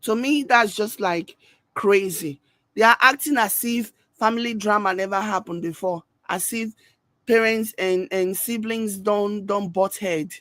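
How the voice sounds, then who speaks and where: A woman's voice: medium pitch, a little slow, a bit bright, no room sound. Emphatic Nigerian woman giving her reactions. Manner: emphatic and scolding, with pidgin asides. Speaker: reaction video host. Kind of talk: opinionated reaction commentary.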